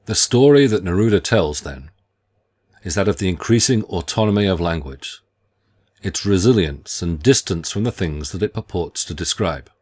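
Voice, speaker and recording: A middle-aged man with a very low, deep voice reads a prepared lecture on literature. His delivery is measured and deliberate, with careful phrasing. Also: expressive, a little mellow. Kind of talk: scripted academic lecture.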